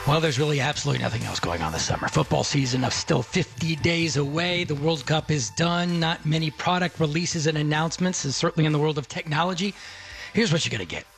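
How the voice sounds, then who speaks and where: A man's voice: fairly high pitch, fast talker, gravelly, a bit bright, faint music behind. A middle-aged man hosting a talk radio tech show, chatty and conversational, speaking to listeners as a friend.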